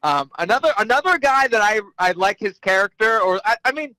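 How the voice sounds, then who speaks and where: High, bright man, halting casual talk. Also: expressive, no echo, low-quality recording. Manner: halting, searches for words. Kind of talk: casual chat.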